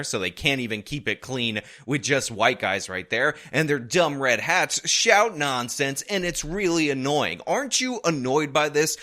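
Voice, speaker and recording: A man talks in a bright, clear voice that swings widely up and down. He mocks and jabs his way through casual commentary. His tone stays sarcastic throughout. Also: medium pitch. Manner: sarcastic, mocking. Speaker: online political commentator.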